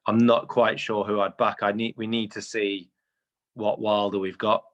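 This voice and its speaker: A British man co-hosting a casual podcast chat, talking in quick bursts with stammering repeats. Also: fairly low pitch, little pitch movement, highs cut off. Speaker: podcast co-host.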